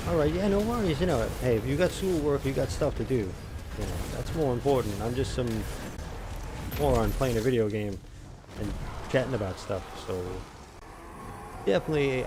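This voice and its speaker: A man's voice: fairly low pitch, warm tone, slight background noise. A man streaming a video game, chatting casually with viewers, self-mocking and rambling with lots of fillers. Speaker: gaming streamer. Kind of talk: casual live-stream chat while gaming.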